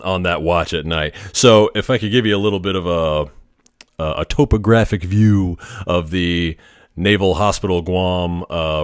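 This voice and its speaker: Low-voiced man telling work stories. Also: clean tone, dry recording, clean studio sound. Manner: laid-back, profane, rambling with fillers. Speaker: Navy X-ray tech telling work stories. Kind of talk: casual storytelling vlog.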